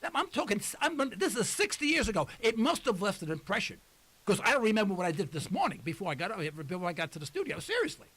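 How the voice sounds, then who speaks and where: A man's voice: high voice, sing-song, fast, a bit bright, husky. A man in his sixties hosting a talk radio show from the studio, speaking in a rambling, emphatic monologue. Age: 60s.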